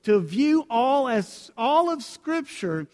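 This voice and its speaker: A man's voice: very high-pitched, big pitch swings, slow, a little mellow. A man preaching a sermon and reading scripture aloud, talking earnestly and directly to his congregation. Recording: long hall reverb.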